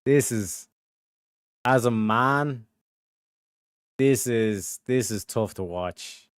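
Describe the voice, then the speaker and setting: A man giving a casual reaction commentary on a show clip, excitable and profane, laughing often and swinging between loud outbursts and hushed remarks. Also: mid-range voice, very slow, clean tone, no echo, studio quality.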